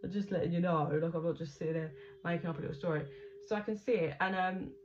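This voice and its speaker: A woman's voice: fairly low pitch, quick pace. A woman giving a casual tarot reading, chatty and rambling, swearing casually as she tells what she sees. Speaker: tarot reader. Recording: dull lo-fi recording with faint background noise.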